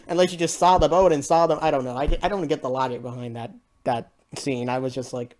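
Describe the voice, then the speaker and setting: A woman's voice: sits low, fairly quick, darkish tone, slight background noise. A woman giving a casual spoken movie review, rambling and exasperated, laughing often between her points.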